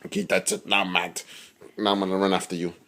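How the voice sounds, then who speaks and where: A man's voice: sits low, flat delivery, fast talker, bright, forceful tone. A man voicing an amorous male parrot who is a pushy Casanova, crooning and wheedling with pet names in a home pet video.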